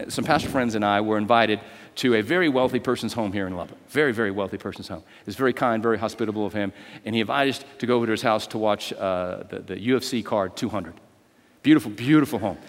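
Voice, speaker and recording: A man preaching a sermon as pastor, lively and conversational, with call-and-response and sudden loud, drawn-out swells. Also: medium pitch, big-room sound. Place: church sanctuary.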